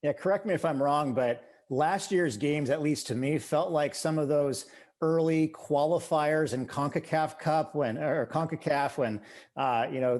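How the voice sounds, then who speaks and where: A man's voice: medium pitch, a little mellow. A man co-hosting a sports panel, easygoing and joking. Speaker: co-host. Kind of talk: casual panel discussion.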